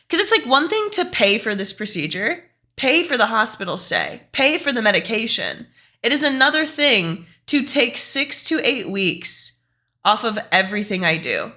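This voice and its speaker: Profane, animated young woman streamer. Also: a little high. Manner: profane, animated, fast and emphatic. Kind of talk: casual ranting to a stream chat.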